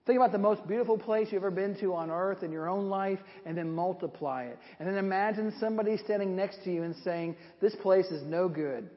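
A man preaches with emphasis, throwing rhetorical questions and repeating key words. His voice sits high, and the recording is dull and lo-fi. A long hall reverb trails every phrase. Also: fast, few pauses. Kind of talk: sermon.

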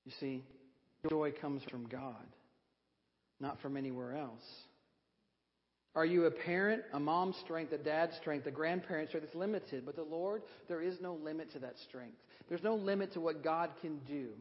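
A man's voice: fairly high pitch, moderate pace. A man preaching a sermon as pastor, emphatic and leading the congregation in repeating a phrase, then chatting casually. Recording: dull audio in a reverberant sanctuary.

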